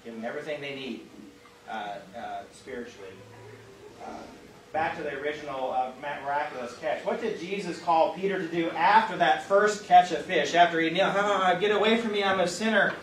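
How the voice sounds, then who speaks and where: This pastor has a fairly high voice and talks at normal speed with a Midwestern American accent. He runs an interactive Bible class in a church classroom, speaking casually with many fillers and questions for the group. A distant mic gives a roomy recording with faint hiss.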